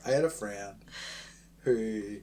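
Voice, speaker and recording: A man's voice: lowish voice, takes it slowly, mellow, a little hiss or hum. Laid-back Irish man chatting. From Ireland. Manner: rambling, chuckling explanations. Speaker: podcast co-host. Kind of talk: casual podcast chat.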